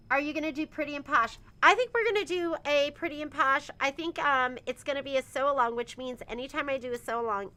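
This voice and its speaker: A woman's voice: high-pitched, pushed and bright. A woman who owns a sewing shop, chatting casually on a livestream, reading out viewer comments and laughing often. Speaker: shop owner hosting a livestream.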